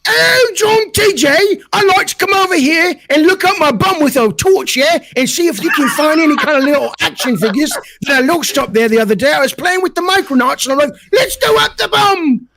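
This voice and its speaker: A man doing a comic impression of a loud, crude British man with an exaggerated mock British accent. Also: expressive, a little fast, creaky, hardly any pauses, full character voice. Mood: mock shouting. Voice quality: high, shouted, comic.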